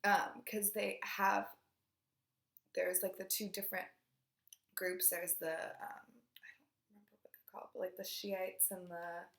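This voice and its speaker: A woman's voice: medium pitch, little pitch movement, a little slow, gravelly. Chatty young woman in an echoey room. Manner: chatty and rambling, lots of fillers, trails off into quiet asides. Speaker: book vlogger. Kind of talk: casual monthly reading wrap-up.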